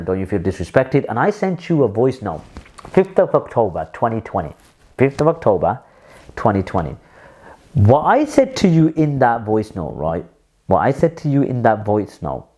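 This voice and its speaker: A man's voice: mid-range voice, darkish tone. A man recording a heated video message that speaks straight to another person. He repeats his points for emphasis, and his speech is full of fillers and restarts. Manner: frequent filler words and restarts. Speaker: Muslim commentator. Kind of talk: direct-address video message.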